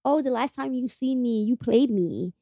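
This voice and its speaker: A woman's voice: a little high, normal speed, dark tone, no echo, clean studio sound. A young woman telling a story in a casual podcast conversation, acting out quoted dialogue and swearing freely. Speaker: guest telling how she met her partner.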